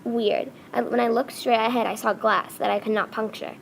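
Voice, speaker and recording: Halting woman reading her story aloud. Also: on the high side, flat delivery, creaky, slight background noise. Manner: halting, with frequent restarts and self-corrections.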